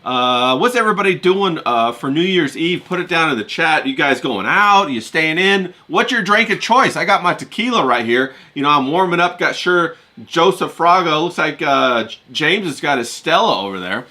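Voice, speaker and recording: Bright, lively man hosting a livestream. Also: a little high, normal speed, few pauses. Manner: teasing, addresses chat, eggs guest on. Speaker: livestream host. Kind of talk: casual livestream chat.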